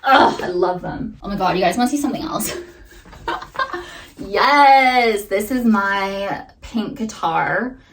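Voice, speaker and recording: A woman's voice: mid-range voice, slow pace. A young woman vlogger telling a story to camera in a bubbly, chatty way, full of fillers. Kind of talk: casual chat to camera.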